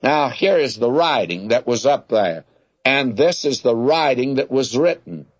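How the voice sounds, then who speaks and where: A plainspoken man gives a folksy Bible sermon and addresses his listeners as friends. His voice sits at an ordinary middle pitch. The recording is dull and lo-fi. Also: expressive, unhurried, breathy edge. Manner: folksy, tells homespun anecdotes. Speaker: Bible teacher. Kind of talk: radio Bible teaching sermon.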